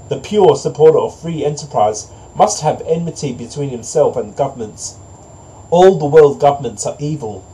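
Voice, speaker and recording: Mellow-voiced man telling a fable. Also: a little high, slight background noise, poor audio. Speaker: narrator. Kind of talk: storybook narration, then preachy commentary.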